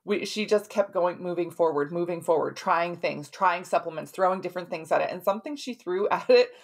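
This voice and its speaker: A middle-aged woman talks through a client's story in a relaxed podcast monologue. Her voice sits a little low for a woman. She keeps checking in with the listener by ending her sentences with a quick "right?". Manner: conversational, often tags sentences with "right?". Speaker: podcast host and health practitioner.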